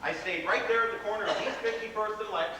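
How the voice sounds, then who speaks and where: A man's voice: high voice, quick pace, lightly acted. An actor playing a whimsical, rebellious grown man, telling stories with theatrical, playful flourishes in a live stage play. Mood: delighted. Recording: echoey theater hall from far off, faint noise.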